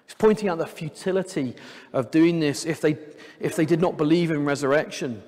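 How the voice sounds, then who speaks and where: Male preacher, slightly high voice, chatty sermon style with light humor, live in a church with a long hall echo. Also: brisk, darkish tone. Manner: conversational, with light jokes. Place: church sanctuary.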